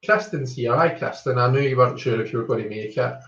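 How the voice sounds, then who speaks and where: A man's voice: medium pitch, fast talker, a bit bright. A Scottish man chats casually on a live stream, greeting viewers by name and wandering off track with plenty of ums. The sound is roomy and echoey, and slightly dull and lo-fi. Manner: chatty, greets viewers one by one, rambles with many ums. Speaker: tarot reader hosting a live stream.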